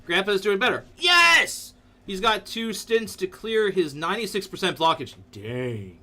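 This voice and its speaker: A man hosting a casual livestream from his computer desk, playful and jokey, breaking into sudden loud outbursts. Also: high voice, normal speed. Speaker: livestream host. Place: seated at a computer in a dim room.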